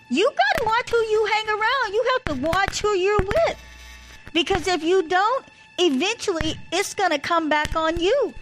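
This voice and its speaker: A woman's voice: very high voice, lively intonation, normal speed, a bit bright, faint music behind, low-quality recording. A woman casually telling stories and giving advice about marriage, in a chatty, anecdotal way. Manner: chatty, anecdotal, repeats "blah, blah". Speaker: speaker sharing marriage advice. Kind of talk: casual storytelling talk.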